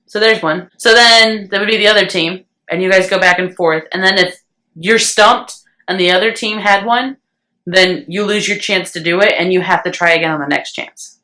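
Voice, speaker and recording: A young woman chatting casually to her viewers in a vlog, bouncing between stories and quick bursts of song. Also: medium pitch, bright, forceful tone. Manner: chatty, breaks into snatches of song. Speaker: vlogger. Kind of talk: casual chat to camera.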